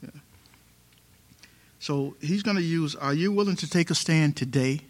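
Man preaching, fairly high voice, emphatic, repeats questions, sermon. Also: a little slow.

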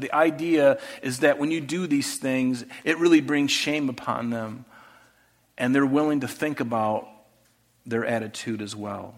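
A male pastor preaching a sermon earnestly, often dropping to a soft voice for rhetorical questions. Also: mid-range voice, fairly even intonation, measured pace.

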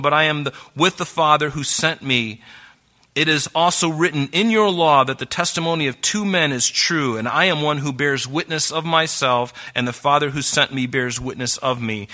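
In a fairly high voice, a man delivers a sermon, reading from scripture and encouraging everyone to mark their Bibles. He comes across as earnest, his delivery rising from hushed to emphatic and back.

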